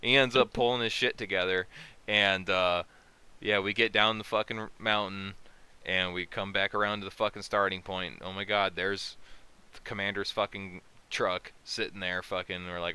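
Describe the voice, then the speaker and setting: Man with a deep, bright, clear voice. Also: flat delivery, normal speed. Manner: profane, rambling war-story telling with many fillers. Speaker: podcast host. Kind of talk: casual storytelling chat.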